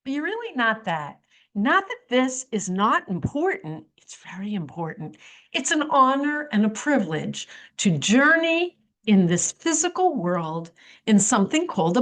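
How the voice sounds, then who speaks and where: A woman's voice: mid-range voice, fairly bright tone. A woman hosting a religious podcast, lecturing her listeners with rhetorical questions and teasing asides. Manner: teasing, chuckles at own remarks. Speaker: podcast host. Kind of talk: religious commentary monologue.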